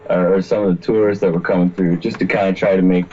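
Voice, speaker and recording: Rambling, laughing, lower-voiced storyteller man. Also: little pitch movement, fast talker, mellow, highs cut off, faint music behind. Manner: rambling, laughs often, swears freely. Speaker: podcast guest. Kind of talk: casual storytelling chat.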